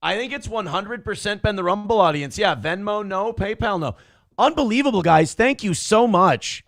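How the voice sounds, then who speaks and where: A man's voice: high voice, animated, moderate pace, creaky, fairly bright tone, dry recording, clean studio sound. A man co-hosting a casual morning show, cracking jokes and reading viewer donations aloud. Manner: wisecracking, reads chat messages aloud.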